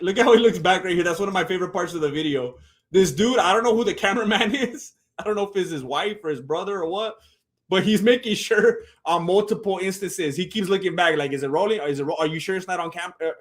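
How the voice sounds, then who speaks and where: A young man chatting casually on a live stream, commenting on a fight video and acting out the people in it. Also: sits high. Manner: animated storyteller, voices the people in the clip.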